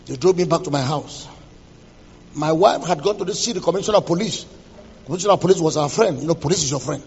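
A man, a pastor telling a dramatic testimony in a sermon, quoting scripture and swinging between loud and hushed delivery. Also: a little high, quick pace, slight background noise. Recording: distant voice in a reverberant hall, dull sound.

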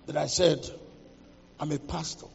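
A man, a pastor telling a dramatic testimony in a sermon, quoting scripture and swinging between loud and hushed delivery. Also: fairly high pitch, fairly even intonation, unhurried, gravelly, husky. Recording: distant voice in a reverberant hall, dull sound.

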